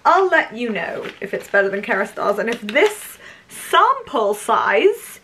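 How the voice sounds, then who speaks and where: A woman's voice: on the high side, very animated, a little slow, a bit bright, slight background noise, rough recording. A woman chatting through a shopping haul, gushing and full of "like" fillers. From United Kingdom. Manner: chatty and gushing, heavy use of "like". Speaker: beauty vlogger. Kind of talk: casual haul chat.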